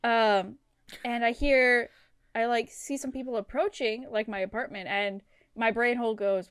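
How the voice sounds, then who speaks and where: A young woman co-hosting a podcast, rambling through a story in casual chat, full of "like"s and deadpan asides. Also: fairly high pitch, brisk, clean tone, no room sound. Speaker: podcast co-host.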